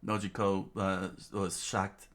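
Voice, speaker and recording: A man casually reading a manga aloud, halting often with fillers and restarts. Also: deep voice, little pitch movement, fairly bright tone. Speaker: reader.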